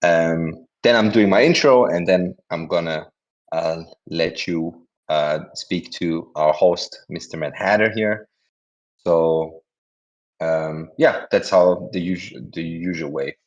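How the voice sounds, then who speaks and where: A man's voice: sits low, takes it slowly. Chatty man hosting on dull lo-fi audio. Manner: chatty, rambling, self-correcting, laughs often. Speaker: host of a community audio event. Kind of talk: casual chat and introduction.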